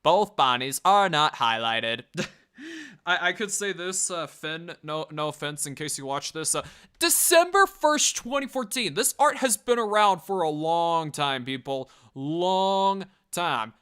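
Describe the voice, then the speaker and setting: Rambling man with a smooth, higher voice. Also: sing-song, a little slow, bright, forceful tone. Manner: rambling, swearing, laughing, mocking voices when reading comments. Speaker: video reviewer. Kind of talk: casual commentary reading online comments.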